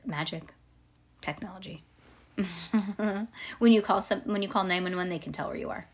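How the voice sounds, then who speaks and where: A woman reading a children's storybook aloud to a child, lively and pausing to explain things. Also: fairly low pitch, breathy edge.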